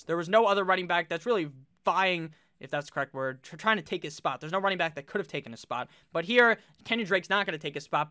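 A man's voice: fairly high pitch, bright, forceful tone, no room sound, clean studio sound. A man giving casual fantasy football commentary, talking bluntly, swearing freely and rattling off statistics.

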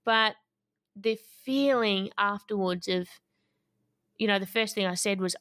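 A woman, a guest telling a personal story in an interview, lively and laughing often. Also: mid-range voice, measured pace, no echo, clean studio sound.

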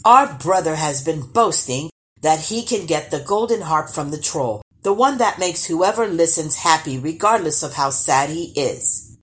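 A woman's voice: low voice, lively intonation, measured pace. A woman voicing a jealous young man in a storybook, slyly telling tales. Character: jealous scheming young male brother, tattling.

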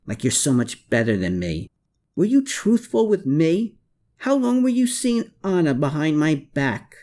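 A man's voice: on the high side, very animated, a little slow, warm tone, pitched above the performer's own voice. A man reading aloud, voicing a bitter, contemptuous man who snarls his lines in a raised voice. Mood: furious.

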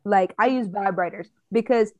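A woman's voice: medium pitch, moderate pace, no room sound, lo-fi sound. A woman co-hosting a podcast, talking frankly and emphatically in casual chat, with plenty of swearing. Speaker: podcast co-host.

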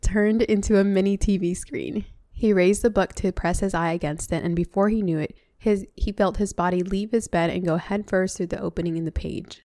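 A woman reads a novel aloud at a middle pitch, pausing for chatty asides. The sound is dry and close, with no room echo. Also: steady tone, warm tone. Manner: chatty, breaks off to comment. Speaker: reader.

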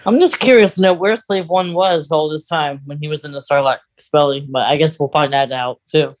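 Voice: medium pitch, no room sound. Chatty podcast co-host, dry close mic. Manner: chatty, giggly, quick interjections. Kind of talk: casual chat.

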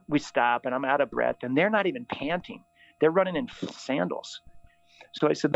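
A middle-aged priest telling a funny story in conversation, animated and laughing often. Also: male voice, a little high, normal speed, creaky, dry recording. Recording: dull, dry lo-fi sound.

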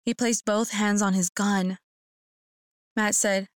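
A woman's voice: mid-range voice, flat delivery, slow, dry recording. A woman narrating a first-person horror story in a tense, earnest manner.

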